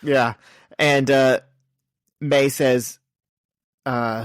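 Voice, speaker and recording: A man co-hosting a casual podcast, summarizing a comic issue and reading out its dialogue in quick bursts. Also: medium pitch, steady tone, no room sound, studio quality. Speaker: podcast co-host.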